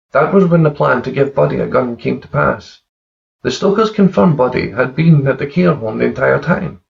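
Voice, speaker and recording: A man narrating a dark crime story in a steady, plain manner. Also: medium pitch, gravelly, far from the mic. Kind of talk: dark crime fiction reading. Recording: slightly dull recording with faint guitar.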